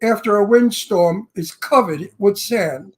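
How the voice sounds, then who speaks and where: A man's voice: high voice, a little slow, husky. A blunt, brash male talk show host with a Brooklyn accent, chatting casually in a studio. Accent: Brooklyn New York. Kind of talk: casual chat.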